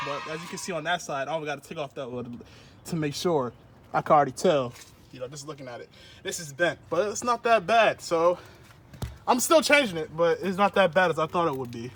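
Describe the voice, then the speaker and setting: A man's voice: a little high, fairly bright tone, slight background noise. A young man vlogging casually while working on his car, with loose slangy talk and a bit out of breath under a mask. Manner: laid-back slangy talk. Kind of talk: casual vlog narration.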